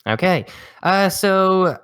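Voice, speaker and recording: A man hosting a casual podcast chat, talking in a quick, blunt and wry way. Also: high voice, expressive, a bit bright, smooth. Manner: quick, blunt and wry, reads titles aloud. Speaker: host.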